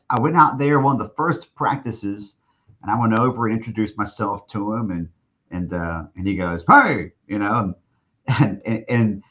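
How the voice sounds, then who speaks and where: Recorded with dull audio, a man with a fairly low-pitched voice spins a long story as a podcast interview guest. He's a stadium announcer who rambles, restarts again and again, and acts out quoted speech.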